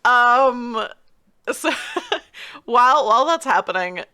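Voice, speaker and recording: A woman at a tabletop game, describing her turn slowly and hesitantly, full of fillers and giggles. Her tone is bright and sharp, and her pitch swings widely. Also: lively intonation. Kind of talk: casual role-play narration.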